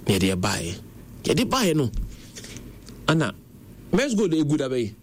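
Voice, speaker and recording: A young Ghanaian man with a Ghanaian accent speaks at a measured pace, his voice on the high side. He tells stories animatedly in a casual chat, mixing Twi into his English, with faint noise in the background.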